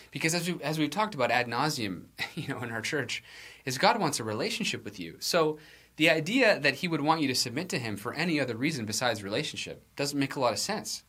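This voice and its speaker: A male pastor giving a sermon in a loose, conversational way, stumbling over restarts and laughing lightly at himself. His voice is bright and forward, and his pitch swings widely as he speaks. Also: breathy edge.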